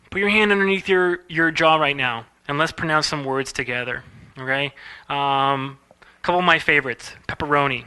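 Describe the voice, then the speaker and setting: A man's voice: medium pitch, pushed and bright, clear, resonant tone. A man giving a casual, playful animation lecture, demonstrating words aloud as he teaches. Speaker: animation instructor. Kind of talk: recorded lecture.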